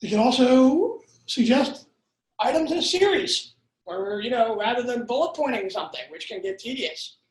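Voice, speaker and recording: Jokey lecturing man with a high voice. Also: lively intonation, moderate pace, reverberant, low-quality recording. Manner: jokey, wandering asides, rhetorical questions. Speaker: copywriting workshop instructor. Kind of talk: live lecture to an audience.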